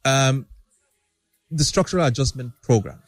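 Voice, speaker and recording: A man's voice: medium pitch, normal speed. A man hosting an interview, prompting his guest with short questions and interjections. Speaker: host.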